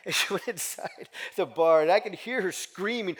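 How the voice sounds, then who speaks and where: Emphatic storytelling man, high-ish voice. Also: lively intonation, fast, hardly any pauses. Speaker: motivational speaker. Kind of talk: personal storytelling talk to a group.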